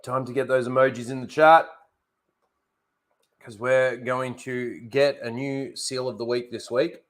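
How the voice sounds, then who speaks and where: A man chatting casually on his livestream at an unhurried, easygoing pace, his voice sitting in an ordinary middle range. He rambles along, talking straight to his viewers. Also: mid-range voice. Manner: relaxed, rambling, talks to viewers while setting up. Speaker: livestream host.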